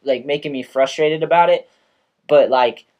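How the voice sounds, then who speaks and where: Animated man telling stories, swearing freely. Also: a little high, normal speed, highs cut off. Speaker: podcast host. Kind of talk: casual chat.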